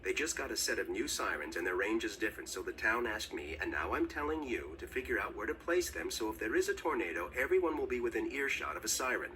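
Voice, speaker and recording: An actor playing a weary, cynical middle-aged storm professor in a mystery game, gruff and bitter, captured as game audio from a distance with faint noise. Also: male voice, fairly low pitch, big pitch swings, fast talker, hardly any pauses, bright, forceful tone, exaggerated voice. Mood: brusque. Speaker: game character.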